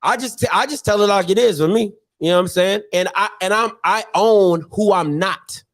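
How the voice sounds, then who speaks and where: A man hosting an online call-in show, talking in an animated, preachy and joking way full of slang. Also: high voice, fast, slight background noise. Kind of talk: energetic call-in show monologue.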